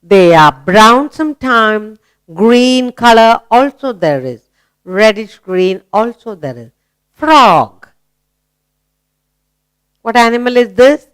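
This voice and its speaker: A woman leads a children's grammar lesson. She speaks slowly, coaxing and praising. Her voice is smooth and clear, with a lively sing-song rise and fall, recorded dry and close. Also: fairly high pitch, no room sound. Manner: slow, coaxing, asks questions and praises. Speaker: teacher.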